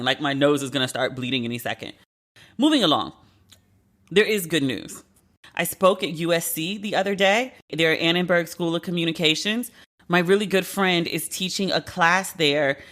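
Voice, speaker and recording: A woman around forty hosting a solo podcast, talking in an animated, profane, venting way. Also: deep voice. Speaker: podcast host.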